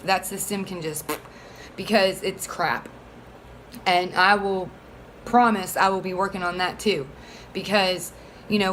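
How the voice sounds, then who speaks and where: With a mid-range, somewhat bright voice, a single mother from Florida urges backing for a bill, and the poor audio carries a little background noise. Her casual appeal is heated, rambling, and full of filler words.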